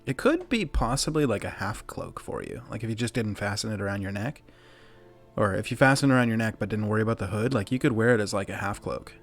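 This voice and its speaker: A man's voice: lowish voice, fast, vocal fry, faint music behind. Male game master, casual, rambling narration. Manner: relaxed, filler-heavy narration.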